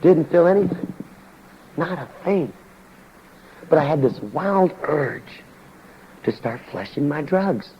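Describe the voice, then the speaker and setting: A man's voice: fairly high pitch, animated, takes it slowly, long pauses. Folksy male preacher giving testimony. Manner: folksy, plain-spoken storytelling with slang. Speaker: evangelist preacher. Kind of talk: testimony sermon to a congregation. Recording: dull lo-fi recording with faint background noise.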